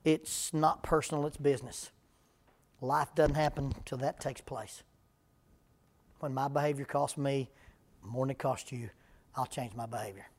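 A man's voice: medium pitch, a little slow, pauses often. A middle-aged man, a preacher giving a folksy, joking talk on parenting to a live audience. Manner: humorous storytelling, deadpan jokes.

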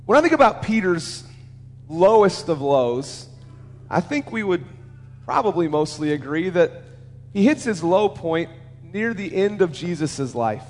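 A man's voice: sits high, big pitch swings, measured pace. A man preaching a sermon as a pastor, talking earnestly and conversationally and putting questions to the listeners. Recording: long reverb of a large hall.

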